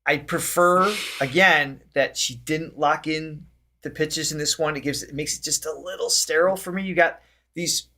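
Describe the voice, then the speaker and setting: A man, a vocal coach co-hosting a podcast, chatting enthusiastically with quick laughs and stammering restarts. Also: fairly high pitch, sharp tone. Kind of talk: casual music reaction chat.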